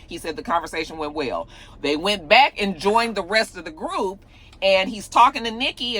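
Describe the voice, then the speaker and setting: Chatty woman with a bright voice. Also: fairly low pitch. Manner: chatty, animated, addresses viewers directly. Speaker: celebrity gossip host. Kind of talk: casual gossip chat.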